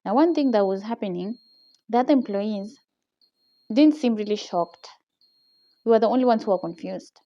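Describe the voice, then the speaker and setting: Young woman, Kenyan accent, mellow tone, animated storytelling vlog, dull lo-fi phone audio. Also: medium pitch, moderate pace, long pauses. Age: young adult. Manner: animated retelling, tags lines with "okay?", laughs often. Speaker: vlogger. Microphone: phone camera.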